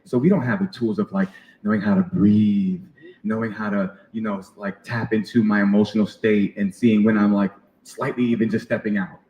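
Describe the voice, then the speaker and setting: A man's voice: fairly low pitch, steady tone, normal speed, a little mellow, reverberant, a little hiss or hum, rough recording. A man who works as a sound healer, talking in an earnest, reflective way as a podcast guest. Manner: earnest, reflective, many fillers. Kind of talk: casual interview conversation.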